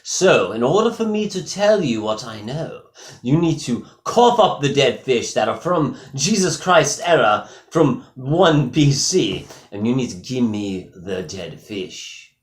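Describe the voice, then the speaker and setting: Casting: a man as a slow, grandiose Viking god, lively pitch, echoey room. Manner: slow, declaiming, demanding. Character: grand self-proclaimed Viking god, adult male.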